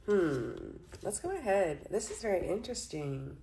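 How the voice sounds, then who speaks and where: A woman's voice: medium pitch, very animated, moderate pace, gravelly, dark tone, a little hiss or hum. A young woman giving a casual tarot reading, chatty and giggly, filling her talk with "like". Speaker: tarot reader.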